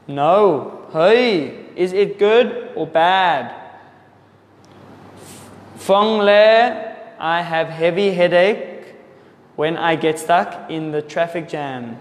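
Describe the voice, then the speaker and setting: A man from Africa, an English teacher answering viewer questions for learners, slowly repeating and correcting words. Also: high voice. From South Africa. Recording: echoey room with long reverb.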